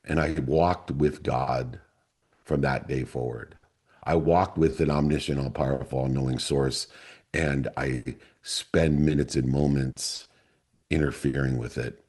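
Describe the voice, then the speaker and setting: Middle-aged male mastermind leader, husky and mellow, earnest motivational storyteller. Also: extremely low pitch, steady tone. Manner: earnest and deliberate, lingering on key words.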